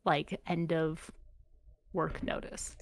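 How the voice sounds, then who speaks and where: A woman's voice: low-pitched, little pitch movement, slow, gravelly. A young woman co-hosting a podcast, chatting casually with lots of fillers and self-corrections. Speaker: podcast co-host. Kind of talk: casual chat.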